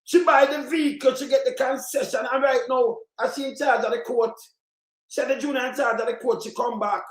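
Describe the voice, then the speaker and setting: A man's voice: very high-pitched, steady tone, a little fast. A man with a Jamaican accent hosting his own channel, ranting angrily about politics in a rambling, patois-laced way and swearing often. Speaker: channel host. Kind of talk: heated political rant. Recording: roomy echoey sound.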